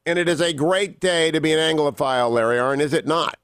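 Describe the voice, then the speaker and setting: A man hosting a radio talk show, opening with booming, theatrical greetings and interviewing his guest. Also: a little fast, fairly bright tone, clean tone, no room sound.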